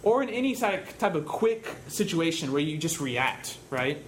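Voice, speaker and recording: A man's voice: on the high side, very animated, normal speed, slight background noise. A man preaching a sermon in a conversational way, telling stories and asking rhetorical questions.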